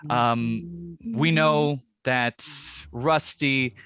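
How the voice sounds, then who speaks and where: A man's voice: mid-range voice, fairly even intonation, a bit bright, clean tone, dry recording. A man playing a tabletop game, giving formal courtroom speeches in character. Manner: formal, measured. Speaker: player.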